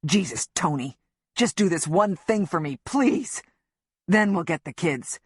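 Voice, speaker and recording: A woman's voice: fairly low pitch, lively intonation, a little slow, breathy edge, dry recording, studio quality. A woman voicing a desperate, volatile armed man in an audiobook, pleading at first and then bellowing and hissing threats. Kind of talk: audiobook narration.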